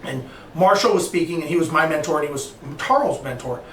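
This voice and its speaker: A man guesting on a podcast, telling lively stories and acting out the dialogue. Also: fairly high pitch, fairly quick. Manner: animated storyteller, acts out quoted dialogue. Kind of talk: storytelling in a podcast interview. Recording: roomy, distant mic, faint noise.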